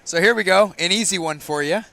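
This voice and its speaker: A man calling a game from a commentary booth on a booth microphone, joking with his co-host and bursting loud on big plays. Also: high-pitched, brisk, gravelly. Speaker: sports commentator. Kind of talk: play-by-play commentary with banter.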